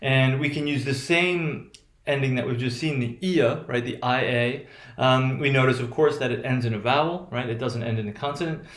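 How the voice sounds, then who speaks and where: A man teaching a pronunciation lesson in a halting way, with many restarts and a repeated "right?" tag. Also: medium pitch, echoey room. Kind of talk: recorded classroom lecture.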